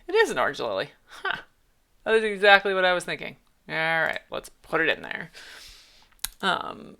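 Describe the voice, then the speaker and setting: A woman's voice: medium pitch, vocal fry, a bit bright. A woman streaming her writing session, thinking aloud, reading her draft lines back and humming placeholders as she edits. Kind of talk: casual livestream talk while writing.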